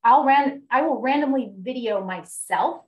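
A woman's voice: sits high, animated, unhurried, highs cut off. A woman in a casual conversation, talking candidly and with self-deprecating humor about her own habits in meetings.

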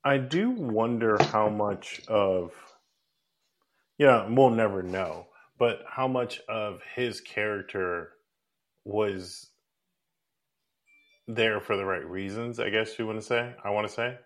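A man with a fairly low voice co-hosts a podcast and muses casually about a film. He asks questions as he thinks things through aloud. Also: slow pace. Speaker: podcast co-host. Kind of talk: casual movie discussion.

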